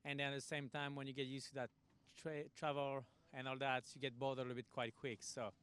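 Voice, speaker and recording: A man's voice: mid-range voice, level tone, fairly quick, a bit bright, clean tone. A man answering in a thoughtful, loose way about his time off.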